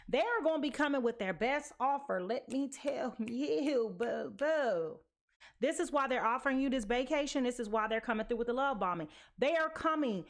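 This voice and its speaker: Sassy, sleepy woman reading tarot cards. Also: high voice. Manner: chatty and sassy, drops slang and pet names. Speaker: tarot reader. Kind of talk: casual tarot card reading to camera.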